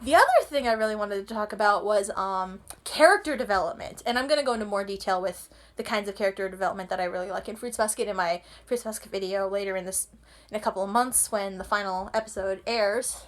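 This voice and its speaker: A woman's voice: mid-range voice, fast talker. A woman ranting casually about a show she loves, gushing and rambling, with frequent restarts. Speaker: anime vlogger. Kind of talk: casual rant.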